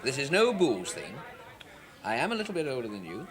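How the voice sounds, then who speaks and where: A man's voice: mid-range voice, huge pitch swings, fairly quick, over music. An English man acting a boastful, blustering bar regular in a sitcom, laughing at his own jokes. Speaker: comic actor. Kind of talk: sitcom acting before a live audience. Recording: live audience laughter and noise.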